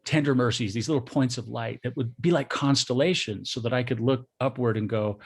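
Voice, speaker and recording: Middle-aged male guest, gravelly husky voice, soft, halting, reflective. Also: mid-range voice. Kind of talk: personal storytelling.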